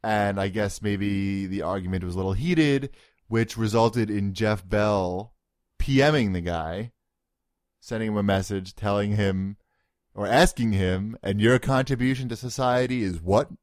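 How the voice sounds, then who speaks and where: A young male host with a fairly low voice, chatting easily and cracking jokes. His voice is close and dry, with no room sound. He laughs often between points. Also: a little slow, smooth, no echo. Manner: relaxed, joking, laughs often. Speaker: podcast co-host. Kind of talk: casual chat.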